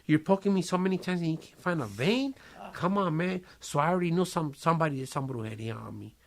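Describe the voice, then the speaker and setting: A man's voice: a little high, quick pace, creaky. A man casually telling a long personal story in a podcast studio, cursing often and using street slang. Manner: profane, streetwise slang, lively retelling with quoted voices.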